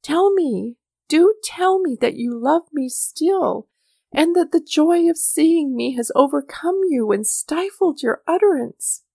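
A woman voicing a lovelorn young woman in an audiobook reading, with a high, pleading, breathless manner. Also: lively intonation, slow, creaky, a little mellow, no room sound, full character voice. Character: young woman, lovelorn, then lost in grief.

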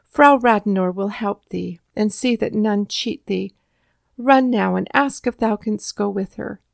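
A woman voicing a frail, weak old grandmother who speaks slowly, low and sadly, with a creaky edge. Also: dry recording, clean studio sound. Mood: pleading.

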